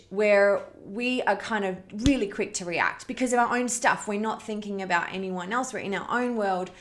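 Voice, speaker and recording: A middle-aged woman hosting a parenting challenge, telling a story in a heartfelt, candid way and laughing easily. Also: medium pitch. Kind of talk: earnest storytelling talk.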